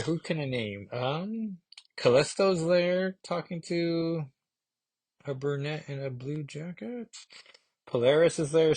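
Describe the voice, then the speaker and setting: A man's voice: fairly high pitch, dry recording. A man hosting a podcast who reviews a comic book casually, rambling and correcting himself as he thinks aloud. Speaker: podcast host.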